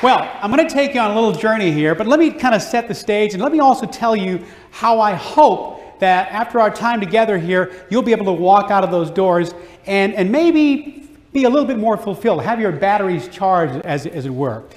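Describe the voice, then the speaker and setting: A man's voice: sits high, expressive, fairly quick, a little mellow, some chatter behind. A man giving an enthusiastic keynote speech, encouraging the audience directly. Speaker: motivational speaker. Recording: live hall with long reverb.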